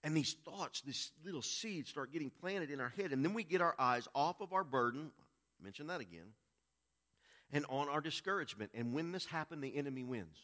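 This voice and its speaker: A man preaching a sermon, swinging between quiet, hushed stretches and loud, raised passages. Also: fairly high pitch, lively intonation, fairly quick. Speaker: pastor.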